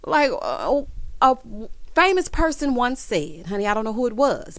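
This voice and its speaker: A woman with a somewhat high voice runs through a reality TV episode in a sassy, gossipy way. She calls her viewers "honey" and "child" and teases every twist. The sound is close and dry. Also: big pitch swings, moderate pace, dry recording. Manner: dramatic, teasing emphasis. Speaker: reality TV recap vlogger. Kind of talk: gossipy episode recap commentary.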